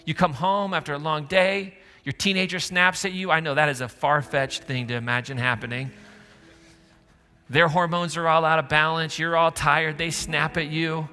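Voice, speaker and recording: A man's voice: fairly high pitch, steady tone, normal speed, pushed and bright, smooth. A man preaching a sermon, conversational and joking with the congregation. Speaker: pastor. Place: church auditorium. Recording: church hall reverb with faint music.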